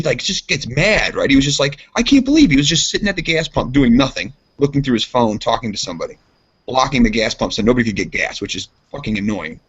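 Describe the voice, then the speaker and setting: Husky rambling man on a lo-fi podcast. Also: big pitch swings, fast talker, a bit bright. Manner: rambling storyteller, acts out quotes in a high voice. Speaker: podcast co-host. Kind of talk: casual chat. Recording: dull lo-fi sound.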